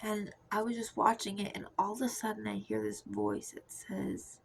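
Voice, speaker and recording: A young woman giving a soft, confessional personal testimony that often drifts into a whisper. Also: medium pitch, sing-song, moderate pace, vocal fry, breathy edge, poor audio. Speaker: Christian testimony speaker.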